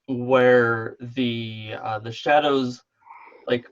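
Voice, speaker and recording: A man running a tabletop role-playing game over the internet, describing the scene with many pauses and fillers. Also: medium pitch, fairly even intonation. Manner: hesitant, many ums. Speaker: game master. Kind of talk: narrating a tabletop game online. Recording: dull online call audio.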